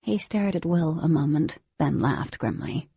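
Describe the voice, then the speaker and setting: Low, husky woman narrating a novel. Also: animated, a little slow, dark tone, no room sound, dull audio. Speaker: audiobook narrator. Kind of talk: scripted first-person narration.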